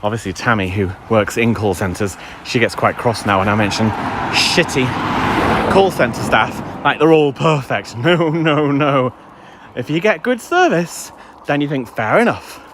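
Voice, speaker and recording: Walking his dog through the woods, a man livestreams on a handheld phone, chatting casually and ranting with some playful crude language. His voice sits at a medium pitch, and the audio is very noisy.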